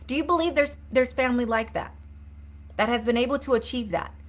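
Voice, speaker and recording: A woman mindset coach talks to her viewers on a live stream. Her voice sits a little high, and she is earnest and repetitive, with questions and prompts for comments. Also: a little fast. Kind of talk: live-streamed motivational talk.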